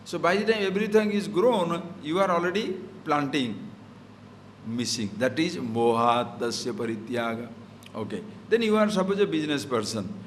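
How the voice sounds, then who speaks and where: Mixing Sanskrit verses into his English, a spiritual teacher unpacks scripture using everyday examples and rhetorical questions. His voice is on the high side with lively intonation at a moderate pace, and a little hiss or hum can be heard.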